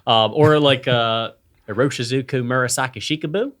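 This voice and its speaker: A man in easy, joking conversation, middle pitch, wandering from one silly idea to the next. He rambles with a playful, offhand lilt, like a co-host among friends. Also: moderate pace, a bit bright. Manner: playful, rambling, puts on silly voices for jokes. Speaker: podcast co-host. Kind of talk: casual chat.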